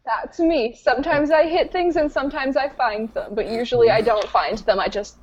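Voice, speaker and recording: A woman's voice: on the high side, normal speed, a little hiss or hum. A woman player introducing herself in a tabletop game stream, easygoing and self-deprecating, on a dull lo-fi mic.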